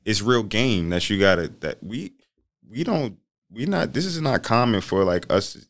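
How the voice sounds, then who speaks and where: A young man in casual conversation, talking in halting starts and laughing easily. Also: on the low side, sing-song, no room sound, clean studio sound. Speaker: groom-to-be guest. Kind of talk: casual chat.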